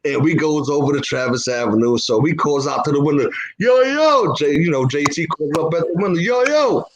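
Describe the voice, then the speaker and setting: A man's voice: a little high, steady tone, fast talker, highs cut off. A man telling a long story in casual chat, full of swearing and stopping often on "whatever". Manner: profane, peppers speech with "whatever". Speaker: podcast co-host.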